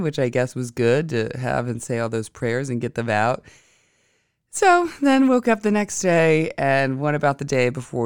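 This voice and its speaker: A woman's voice: extremely low pitch, clear, resonant tone, no echo, clean studio sound. A woman hosting an astrology podcast, telling a rambling, chatty story in a casual monologue.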